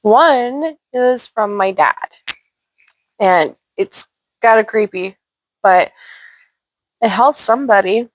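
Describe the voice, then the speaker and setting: A woman's voice: fairly high pitch, lively intonation, slow, pauses often, no echo. A woman from Washington State, hosting her channel and casually telling paranormal stories with loose, chatty asides. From Washington State, USA. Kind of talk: casual storytelling.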